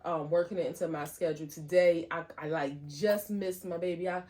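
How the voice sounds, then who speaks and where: A woman co-hosts a podcast in relaxed conversation. Her voice sits a bit low, and she talks upbeat and chatty, with ums sprinkled through. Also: fairly quick. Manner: upbeat, chatty, hesitant fillers. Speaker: podcast co-host. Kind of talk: casual chat.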